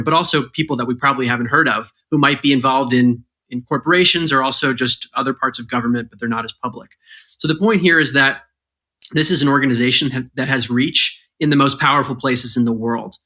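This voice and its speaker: A man appearing as an author guest on a podcast, explaining his points in a measured, step-by-step way. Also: mid-range voice, bright, forceful tone.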